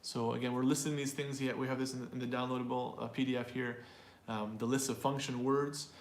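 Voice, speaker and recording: A man's voice: mid-range voice, flat delivery, fairly quick, a little hiss or hum. Man, pronunciation teacher, live online class, explanatory, repeats himself, roomy echo. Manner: explanatory, repeats and restarts words.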